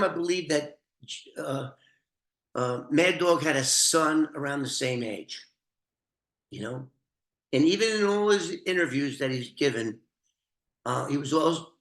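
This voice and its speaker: A man's voice: medium pitch, a bit bright. An older man, a former informant, telling a true crime story in a profane, rambling, conversational way. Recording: roomy echoey room.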